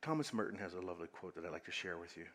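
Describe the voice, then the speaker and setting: Telling stories and leading his congregation through a brief exercise, a minister alternates between loud, laughter-filled passages and soft, almost whispered ones. He has a deep, animated voice and talks very fast, with a long reverb tail.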